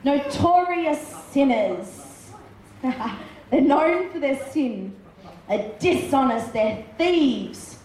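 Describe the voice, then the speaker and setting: High-voiced woman preaching in an echoey hall. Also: animated, extremely slow, a little mellow. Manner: emphatic, repeating words for effect. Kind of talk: sermon with Bible reading. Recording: echoey room with faint ambience.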